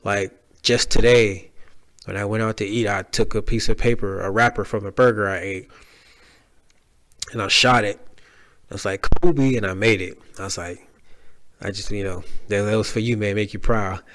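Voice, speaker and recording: A man's voice: on the low side, level tone, normal speed, long pauses, fairly bright tone. A man hosting a solo podcast, talking casually with slang and restarts, heartfelt and rambling. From Dallas area. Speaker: podcast host.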